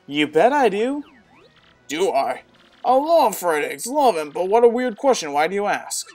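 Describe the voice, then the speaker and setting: A woman's voice: mid-range voice, very animated, measured pace, faint music behind. A woman voicing a blustering, hot-tempered male turtle king who growls and barks orders. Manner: growling, bossy, shouting.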